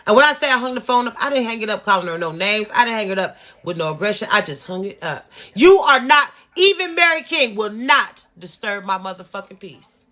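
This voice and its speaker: A woman in her fifties tells a storytime rant to her viewers, swearing freely and repeating her points for emphasis. Her voice is bright and sharp, with an emphatic, insistent delivery. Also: mid-range voice, animated, a little fast, hardly any pauses. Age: 50s. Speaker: vlogger.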